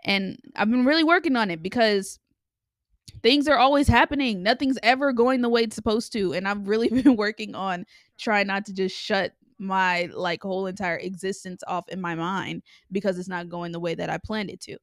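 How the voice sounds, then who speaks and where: Young woman rambling through a story, kinda gravelly, dry close mic, lots of likes and ums. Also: medium pitch, moderate pace, no echo. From Los Angeles area. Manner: chatty and candid, with many filler likes and ums. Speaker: podcast host. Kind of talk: casual storytelling monologue.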